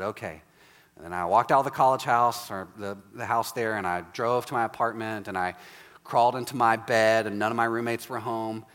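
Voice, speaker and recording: A man in his forties preaching a sermon, retelling a story with lively dialogue and then guiding quiet reflection. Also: lowish voice. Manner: animated storytelling, acts out dialogue, softens to quiet prayer prompts. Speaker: pastor. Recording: reverberant hall.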